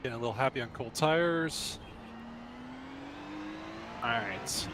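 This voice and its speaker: A man talks through each lap in a sim racing club, keeping a steady, mid-pitched voice as he calls out short, clipped instructions. Car engine noise runs clearly under him the whole time. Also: slow. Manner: terse running instructions while driving. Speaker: racing driver and coach. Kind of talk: live-stream driving commentary.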